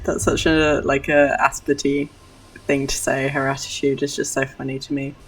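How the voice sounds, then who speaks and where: A woman's voice: a bass voice, flat delivery, moderate pace, breathy edge. A woman streaming a game, chatting casually, giggling often and poking fun at herself. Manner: giggly, chatty, self-deprecating. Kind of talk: casual let's-play commentary. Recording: voice somewhat far from the mic.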